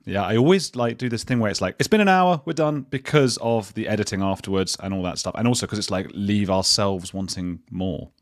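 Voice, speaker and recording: Low-voiced British man, chatty. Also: fairly even intonation, a little fast, hardly any pauses, dry recording, clean studio sound. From United Kingdom. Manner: chatty and self-deprecating, with many restarts. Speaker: guest, journalist and podcaster. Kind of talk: casual interview chat.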